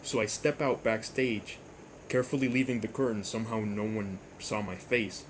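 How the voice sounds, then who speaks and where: A young man hosting a storytime vlog, rambling and jokey, with deadpan asides. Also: on the low side, moderate pace, slight background noise. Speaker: YouTuber storyteller.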